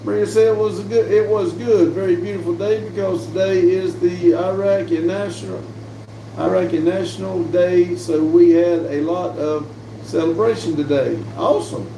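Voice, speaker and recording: Speaking at a moderate pace in a high-pitched voice, a relaxed livestream host chats and reads viewer messages out loud, laughing readily. The recording from a distant mic sounds roomy, with a bit of hiss or hum.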